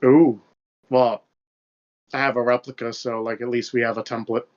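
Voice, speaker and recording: Flat in delivery with a darkish tone, this young man's mid-range voice keeps a moderate pace. He's co-hosting a podcast, rambling casually, swearing loosely and using plenty of fillers, all through a dull lo-fi mic.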